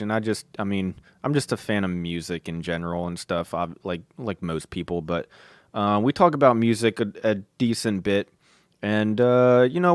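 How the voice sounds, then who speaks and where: Young guy rambling on his podcast at home, lowish voice, dry close sound, lots of likes and ums. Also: clear, resonant tone, no room sound. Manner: loose, rambling, full of fillers and restarts, swears casually. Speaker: podcast host. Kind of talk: rambling casual podcast monologue.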